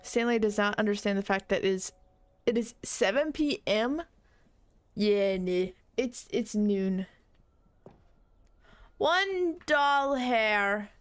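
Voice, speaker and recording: With no room sound at all, a young woman talks a little slowly at a medium pitch while playing a game. Her casual commentary includes reading on-screen text aloud and sudden laughing shrieks.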